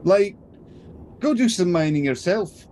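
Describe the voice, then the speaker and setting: A man voicing a gruff, exasperated male dwarf warrior with a heavy accent, ranting indignantly in a tabletop game. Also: sits high, animated, unhurried, darkish tone, a little hiss or hum, pitched above the performer's own voice. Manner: heavily accented, indignant rant.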